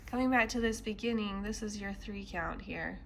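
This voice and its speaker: A woman's voice: mid-range voice, normal speed, a little hiss or hum. A woman teaching a piano lesson, explaining the music patiently with frequent ums and counting beats aloud. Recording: piano playing underneath.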